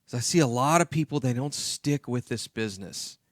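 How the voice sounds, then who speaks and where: A man's voice: medium pitch, expressive, fairly quick, no room sound, clean studio sound. A man hosting a talk radio show, speaking emphatically and repeating his key points.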